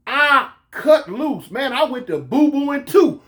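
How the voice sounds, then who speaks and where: A man casually telling a comic story from his own life, animated and full of street slang. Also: very high voice. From California. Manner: animated, slangy, drawn-out pauses.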